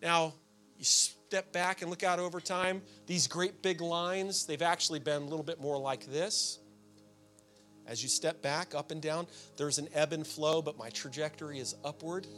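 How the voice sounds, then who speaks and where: A man preaching a sermon as pastor, telling everyday stories with sudden shouted outbursts. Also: fairly high pitch, steady tone, moderate pace, faint music behind.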